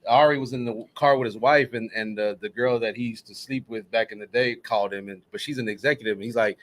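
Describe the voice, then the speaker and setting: A man co-hosting a casual chat, jumping in with quick jokes and asides. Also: mid-range voice, steady tone, a bit bright. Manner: quick, joking interjections.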